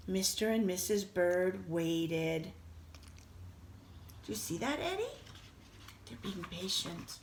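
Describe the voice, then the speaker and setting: Gentle woman reading a bedtime story. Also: lowish voice, slow pace, long pauses, echoey room, far from the mic. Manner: gentle, soft-spoken, animated. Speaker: storyteller reading a picture book to a child.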